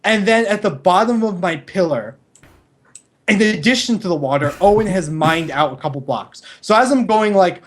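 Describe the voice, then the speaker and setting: A man's voice: sits high, lively intonation, moderate pace. A young man, a podcast co-host, tells a rambling story in casual chat, correcting himself and swearing offhandedly.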